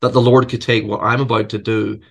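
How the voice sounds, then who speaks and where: A man's voice: fairly low pitch, level tone, brisk, gravelly. Man, preacher and professor, interview conversation, earnest, self-deprecating, repeats words while thinking. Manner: often repeats words while searching for phrasing. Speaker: seminary church history professor and preacher.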